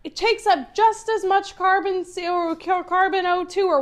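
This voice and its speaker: A woman's voice: extremely high pitch, fairly even intonation, moderate pace, few pauses. A woman co-hosting a casual podcast chat, ranting in a fired-up way and swearing a lot. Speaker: podcast co-host.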